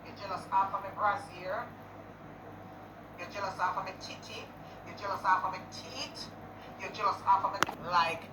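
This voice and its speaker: A woman's voice: on the low side, background noise. A woman with a Jamaican accent in an angry rant video, cursing and confrontational in patois. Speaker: business owner in a posted clip.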